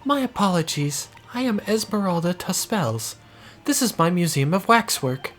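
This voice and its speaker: Man doing a young, stern French museum owner, rough accent attempt, lively lilt. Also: high voice, moderate pace, faint music behind, voice pushed up. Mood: formal, stern. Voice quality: shaky put-on French accent. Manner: formal, stern and proper. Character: young mysterious woman who runs a waxwork museum.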